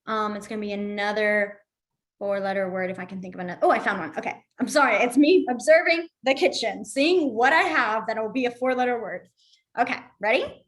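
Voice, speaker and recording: A woman's voice: on the high side, a little fast, a bit bright. A woman teaching a beginners' class in a chatty, encouraging way, laughing often. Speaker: sign language teacher. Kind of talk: casual online class instruction.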